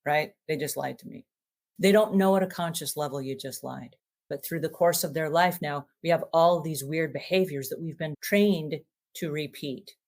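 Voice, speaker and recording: A woman's voice: deep voice, darkish tone. A middle-aged woman hosting a talk to camera about trust, earnest, often acting out short quoted exchanges. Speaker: host.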